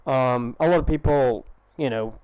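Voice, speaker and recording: A man's voice: medium pitch, moderate pace, a little mellow, clean tone, dry recording, muffled recording. A young man chatting casually on a live gaming stream through a headset, rambling, swearing freely and restarting his sentences.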